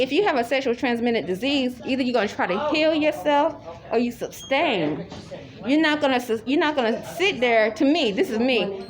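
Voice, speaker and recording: A woman talking casually to the camera in a rambling, repetitive way, with many restarts. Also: a little high. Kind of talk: casual spoken monologue. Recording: loud crowd chatter behind.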